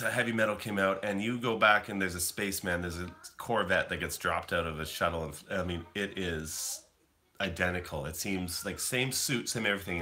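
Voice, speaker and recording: Man in his thirties, from Canada, rambling livestream chat, low-pitched, bright tone. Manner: rambling, chatty, talks to viewers in chat. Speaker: livestream host.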